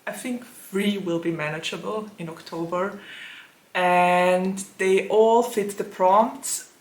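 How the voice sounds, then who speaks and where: A woman hosting her own book channel, chatting casually to the camera with a sore throat that leaves her voice lower than usual, laughing often between thoughts. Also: steady tone, slow pace. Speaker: booktube host. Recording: echoey room.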